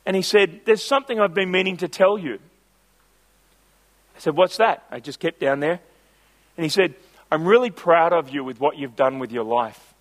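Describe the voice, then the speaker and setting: High-voiced man preaching. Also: lively intonation, moderate pace, pauses often. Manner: storytelling, swelling to emphatic preaching. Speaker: pastor. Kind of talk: sermon.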